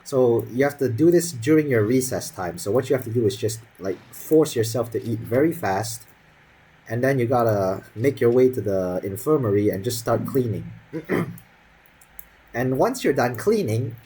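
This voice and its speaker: A man's voice: medium pitch, lively intonation, normal speed, dark tone, husky, rough recording. A young man in his teens telling a school story as a casual, profane, sarcastic rant full of fillers.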